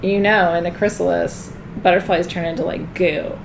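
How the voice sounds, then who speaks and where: Lady quoting her blunt lispy guy friend, flat matter-of-fact, gravelly. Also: on the low side, normal speed, background noise. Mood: deadpan blunt.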